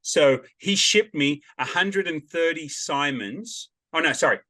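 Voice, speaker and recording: Man, podcast host, bright voice, chatty storyteller, casual chat. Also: fairly high pitch, measured pace. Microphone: video call.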